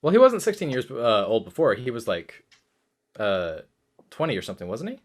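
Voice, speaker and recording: A young man co-hosting a casual comic discussion podcast, excitable and swearing, acting out his reactions. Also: medium pitch, fairly quick. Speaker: podcast co-host. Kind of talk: casual chat.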